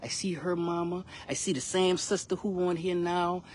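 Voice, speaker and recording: A man's voice: high-pitched, level tone, moderate pace, a little hiss or hum. A young man, a rapper telling his son a frustrating personal story in a casual, emphatic vlog full of slang. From South Carolina, US.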